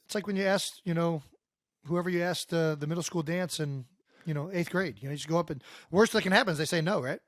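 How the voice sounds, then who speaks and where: A man from Ohio co-hosting a sports podcast in casual chat, quick-talking and teasing his co-host. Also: on the high side, no echo, studio quality.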